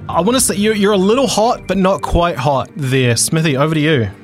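A man's voice: a little high, faint music behind. A man co-hosting a sports radio show, running a quiz in an upbeat, teasing way. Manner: upbeat and teasing, quick quizmaster delivery. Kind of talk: casual radio sports chat. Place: radio studio.

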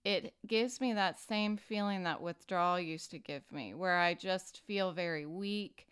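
A woman hosting a personal recovery podcast, talking earnestly and unhurriedly with frequent fillers and pauses. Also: lowish voice, a bit bright, clear, resonant tone. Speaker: podcast host.

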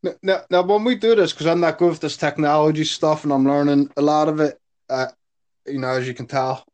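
A man's voice: on the high side, steady tone, a little fast, darkish tone. A man from Philadelphia with a Philadelphia accent, a podcast guest chatting casually in an easygoing, hesitant way. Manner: easygoing, hesitant, with frequent fillers. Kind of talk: casual chat.

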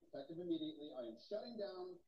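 A man's voice: fairly high pitch, expressive, very fast, dull audio, a crowd in the background, lightly acted. An actor playing a confident male industrialist making a formal statement in a film clip. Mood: earnest.

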